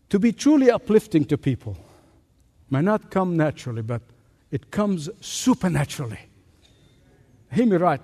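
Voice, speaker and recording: A man preaching a sermon as pastor, animated, asking rhetorical questions and joking about his own faults. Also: high voice. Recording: long reverb of a large hall.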